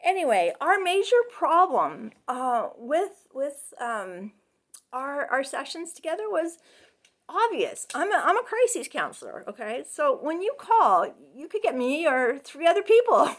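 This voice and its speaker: A middle-aged woman with a high voice talks through a class case presentation as a counseling student. Her speech is loose and chatty, full of "you know" and "um", and she often breaks into laughs. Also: sing-song, a little slow. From Canada.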